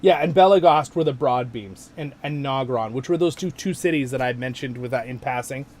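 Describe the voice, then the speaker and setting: A man hosting a casual gaming livestream, rambling and excitable as he plays and answers chat. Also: mid-range voice, brisk. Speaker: livestream host.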